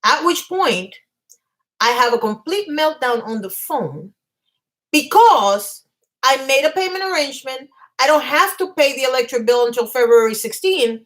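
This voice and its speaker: A woman vlogger on a live stream at home, telling a story in a fast, agitated rush and stumbling over her words. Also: high voice, expressive, fairly bright tone, poor audio. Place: home apartment.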